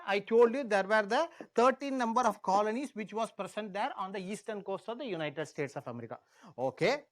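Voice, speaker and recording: Man teaching with Indian English, repeating words. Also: sits high. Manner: repeats key words, asks the class questions. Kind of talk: exam-prep history lecture.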